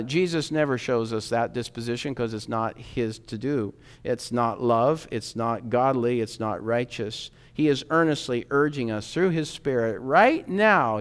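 A man preaching a sermon in an earnest, urging way, rising in emphasis and dropping low again. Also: moderate pace, smooth.

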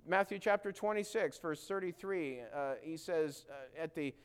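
A male preacher gives a sermon at a moderate pace, his voice smooth and resonant though a little high for a man. He speaks earnestly, asks his listeners questions directly, and performs quoted lines with growing emphasis.

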